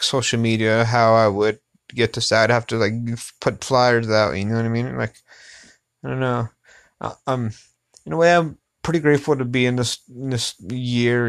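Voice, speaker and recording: Young man, podcast host, rambling casual chat, heavy swearing, smooth clear voice. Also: mid-range voice. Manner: rambling, profane, lots of filler phrases.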